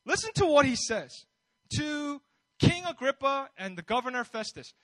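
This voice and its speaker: Guy preaching, really high voice, dry close sound, keeps asking the crowd questions. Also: big pitch swings, moderate pace, a bit bright, no echo, poor audio. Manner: conversational, bold preaching with rhetorical questions. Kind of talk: sermon.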